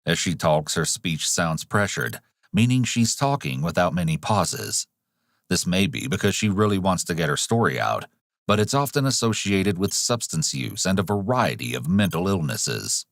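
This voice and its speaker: Brief: male narrator, very low pitch, dry close-mic read, measured analytical delivery. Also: very animated, no echo. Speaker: documentary narrator. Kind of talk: scripted narration.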